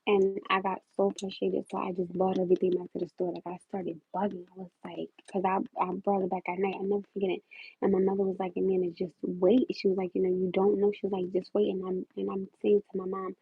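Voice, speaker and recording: A young woman with a very husky, breathy voice tells her life story on a livestream, chatty and animated. The sound is thin and phone-like. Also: medium pitch, fast, no room sound. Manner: animated, laughs loudly, chatty and heartfelt. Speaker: livestream host.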